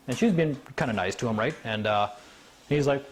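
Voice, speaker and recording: A man telling a story to a small live audience. His voice sits at an ordinary middle pitch, and his delivery is animated as he slips into other people's voices. A faint hiss of noise runs under him. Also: moderate pace. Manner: animated, acts out quoted voices.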